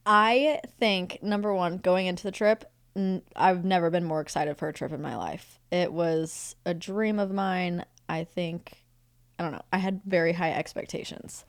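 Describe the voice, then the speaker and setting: Young woman, podcast guest, casual comedic banter, animated and emphatic, dry close recording. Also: on the low side, moderate pace, dry recording. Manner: animated, laughs often, emphatic.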